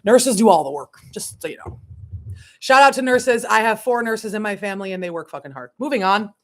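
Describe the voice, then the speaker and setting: A woman spiritual coach telling a personal story on a casual livestream, animated, cursing and laughing as she talks. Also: medium pitch, brisk.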